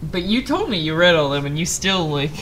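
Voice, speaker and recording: A woman's voice: low-pitched, very animated, a little fast, a bit bright, a little hiss or hum, rough recording. A woman chatting casually while watching a video game being played, teasing her friend and swearing freely. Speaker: co-host on a let's play. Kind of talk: casual let's play chat.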